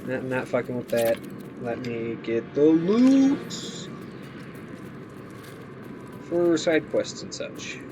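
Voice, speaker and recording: A man's voice: medium pitch, sing-song, slow, long pauses, background noise. A man streaming a video game, giving casual commentary that turns sarcastic and profane. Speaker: gaming streamer. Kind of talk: let's play commentary.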